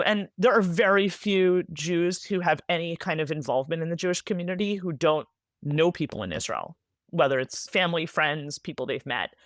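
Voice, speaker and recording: A woman from the United States, an author being interviewed, speaking rapidly in an animated way with many "like"s and tag questions. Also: low voice, no room sound, studio quality. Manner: animated, rapid, filler-heavy with frequent "like" and "right?". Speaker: author, guest. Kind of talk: conversational interview answers.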